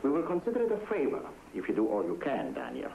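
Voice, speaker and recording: An actor playing a cool, aloof boss who answers smoothly and curtly. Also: male voice, mid-range voice, huge pitch swings, fast, dull audio. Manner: smooth, curt. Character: cool, aloof male boss called the Baron. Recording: echoey, hissy old TV soundtrack.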